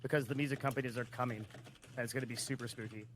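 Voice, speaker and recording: A man on a voice-call podcast, talking quickly with a bright, forceful tone. He gives earnest advice and fills his sentences with hesitant fillers. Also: medium pitch, fairly even intonation, slight background noise. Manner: earnest, advising, many fillers. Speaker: podcast guest. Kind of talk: casual podcast chat.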